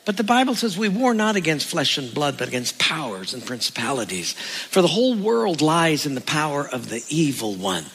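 A man with a bright, high-pitched voice preaches in a lively, sing-song way. He asks the congregation rhetorical questions and acts out the voices he quotes. His words carry a long reverb, as in a large church hall. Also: normal speed, breathy edge. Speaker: pastor. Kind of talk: sermon with jokes.

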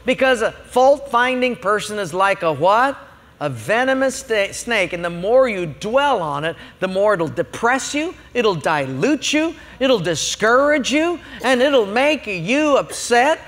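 A man's voice: high-pitched, very animated, a little slow, a bit bright, in a large hall. A man preaching a sermon as a pastor, emphatic and humorous, telling stories to make his points.

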